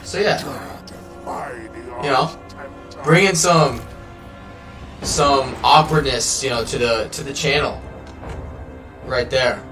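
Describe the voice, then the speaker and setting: A male streamer talks slowly and loosely over his gameplay, rambling and swearing as he goes. He sounds a little far from the mic in a roomy space. Game music plays clearly behind him. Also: medium pitch, bright, forceful tone. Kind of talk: casual live gameplay chat.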